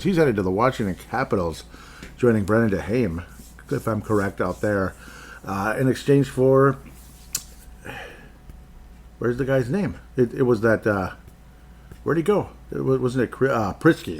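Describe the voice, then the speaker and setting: A man's voice: fairly low pitch, slightly rough. A man hosting a hockey podcast on his own, rambling through casual commentary with chuckles and asides.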